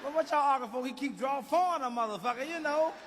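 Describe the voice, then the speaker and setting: A man doing stand-up on stage, telling rowdy stories in a loud, brash way. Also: very high voice, quick pace. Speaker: stand-up comedian. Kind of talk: stand-up comedy. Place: stage in front of a crowd. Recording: noisy stage recording.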